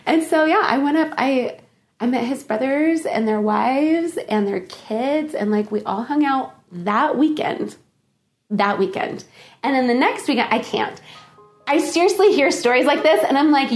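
Animated, laughing woman telling a story. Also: sits high, moderate pace. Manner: animated, laughing often, acting out quoted dialogue. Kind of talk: casual personal storytelling.

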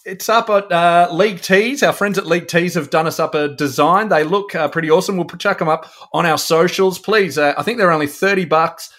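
A man's voice: high voice, a little fast, hardly any pauses, a bit bright. A middle-aged man with an Australian accent, co-hosting a casual podcast, easygoing and rambling, with many fillers. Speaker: co-host. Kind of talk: casual chat.

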